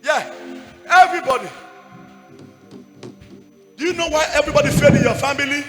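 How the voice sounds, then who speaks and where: A Nigerian man preaching a sermon to a congregation in Nigerian English, shouting repeated lines and calling for responses. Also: very high-pitched, a little fast, big-room sound, over music. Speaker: evangelist preacher. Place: church service with congregation.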